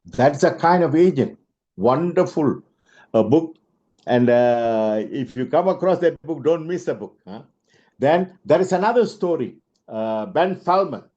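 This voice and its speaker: A man's voice: fairly high pitch, animated, unhurried, dark tone. A man giving a motivational sales lesson, telling stories with asides and frequent rhetorical checks. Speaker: sales trainer. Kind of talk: motivational storytelling lecture. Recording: dull lo-fi recording.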